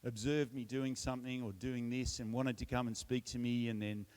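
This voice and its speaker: Speaking at medium pitch and normal speed, a middle-aged Australian man shares his personal testimony at church. He tells it in a relaxed, storytelling way, pokes fun at himself, and often restarts his sentences.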